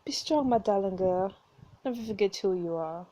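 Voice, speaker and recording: A woman voicing a gentle dying mother who speaks softly and weakly, read aloud from a story game. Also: medium pitch, lively intonation, moderate pace, natural voice. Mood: tender, weak. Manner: soft, faint, pleading.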